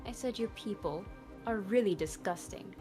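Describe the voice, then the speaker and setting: A woman's voice: medium pitch, moderate pace, natural voice. A woman reading the lines of a proud, elegant woman who scornfully defends herself. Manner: haughty, scornful. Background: faint background music.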